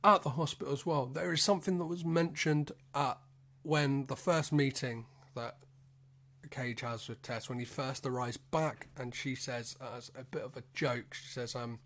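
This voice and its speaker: A man's voice: medium pitch, steady tone, normal speed, a bit bright. A man hosting a solo podcast, recapping a film in a loose, rambling way, swearing freely and making self-deprecating asides. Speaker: podcast host.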